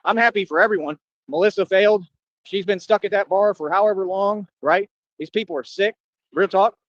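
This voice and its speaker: A man delivering a boastful, confrontational monologue as a streamer, taunting his listeners. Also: high-pitched. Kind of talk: ranting monologue. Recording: dull lo-fi sound.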